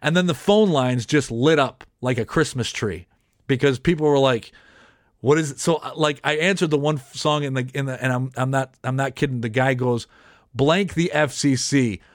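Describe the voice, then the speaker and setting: A man's voice: medium pitch, fairly quick, no room sound, clean studio sound. A man who hosts a podcast and has worked as a radio DJ, telling a story in casual chat with many restarts. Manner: rambling, many restarts and self-corrections.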